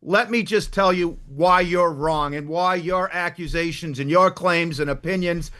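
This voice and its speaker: Male Boston-accented lawyer, high bright voice, assertive and point by point. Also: a little slow. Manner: firm, assertive, methodical. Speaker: criminal defense attorney. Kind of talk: arguing a legal case.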